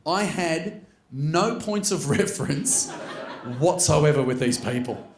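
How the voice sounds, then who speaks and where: Australian male stand-up comic, slightly high pitch, animated storyteller, echoey venue. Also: slow. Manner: animated, jumps into loud character voices. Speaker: stand-up comedian. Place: comedy stage. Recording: roomy venue with faint noise.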